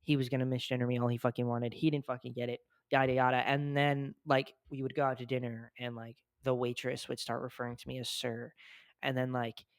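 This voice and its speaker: A man with a deep voice, mid-pitched for his sex, hosting a casual podcast chat. He peppers his talk with fillers and swears freely. The sound is dry and close. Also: flat delivery, brisk, dry recording. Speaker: podcast host.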